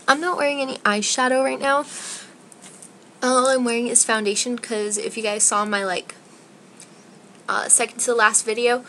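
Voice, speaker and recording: A woman's voice: on the high side, vocal fry, bright, forceful tone, slight background noise, rough recording. A young woman giving a casual hair tutorial at home, rambling and self-deprecating, a little out of breath. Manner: chatty, self-deprecating, rambling with many likes. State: slightly out of breath. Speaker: beauty vlogger.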